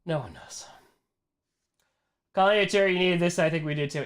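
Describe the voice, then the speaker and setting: Male livestream host, casual chat, animated and ranting, with loud highs and quiet weary lows. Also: moderate pace, clear, resonant tone. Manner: animated, swings from excited outbursts to quiet, weary muttering; ranting, frustrated. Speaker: livestream host answering viewer questions. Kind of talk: casual live-stream chat.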